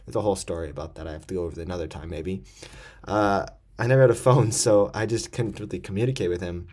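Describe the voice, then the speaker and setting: Rambling young man, low voice. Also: fast talker, mellow. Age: young adult. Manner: rambling, slangy, self-interrupting with nervous laughs. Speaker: vlogger. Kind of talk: casual storytime monologue.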